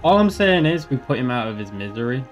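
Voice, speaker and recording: A man's voice: medium pitch, sing-song, fast talker. A man casually commenting while streaming a video game, joking and repeating words as he thinks. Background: game music.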